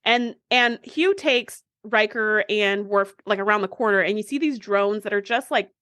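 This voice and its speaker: This podcast co-host has a mid-range voice and a bright, forceful tone, talking at a moderate pace. She casually recaps a TV episode, performing the characters' lines, in studio-quality audio with no room sound.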